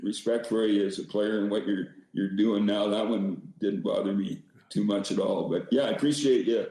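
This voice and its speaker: A man's voice: lowish voice, normal speed, dark tone, very echoey, low-quality recording. An older man, a former hockey coach, telling rambling stories as a podcast guest with many restarts. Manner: rambling, self-deprecating, frequent restarts. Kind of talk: casual storytelling.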